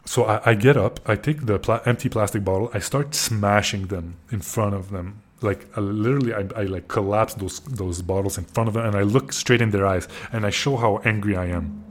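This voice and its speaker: Low-voiced man telling a rowdy story. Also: fairly quick. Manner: profane, excitable, frequent restarts. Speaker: podcast host. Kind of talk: casual storytelling.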